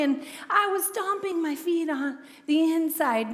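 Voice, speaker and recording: A woman with a high, bright-pitched voice tells her testimony from a stage, lively, slipping into little acted-out bits of dialogue. Her words ring out with a long reverb tail through a large hall. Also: measured pace. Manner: lively storytelling, acts out quoted dialogue. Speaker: ministry founder and speaker. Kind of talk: testimony sermon.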